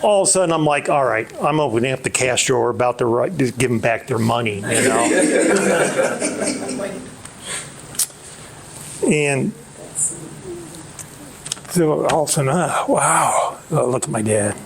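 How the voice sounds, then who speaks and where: A middle-aged man, an author, telling a personal story at a book talk in a halting way, with many restarts and fillers. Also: mid-range voice, gravelly.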